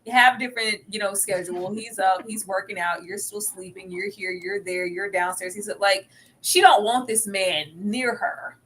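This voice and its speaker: A woman on a casual reality TV recap panel, animated and laughing, acting out quotes. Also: moderate pace. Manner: animated, laughing, acts out quotes in shrill voices. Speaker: podcast panelist.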